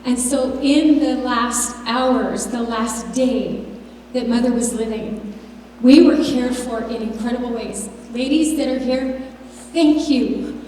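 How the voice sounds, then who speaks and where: A woman's voice: on the high side, slow, dark tone, big-room sound, a little hiss or hum. A middle-aged woman from Canada giving a tearful, heartfelt memorial tribute to her mother in a church. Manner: tearful, emotional, speaks of feelings openly.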